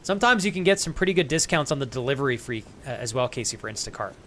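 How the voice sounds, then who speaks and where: A man's voice: medium pitch, animated, very fast, a bit bright, slight background noise. Chatty man streaming a game. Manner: chatty, addresses viewers by name, swears casually. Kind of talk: casual live-stream chat.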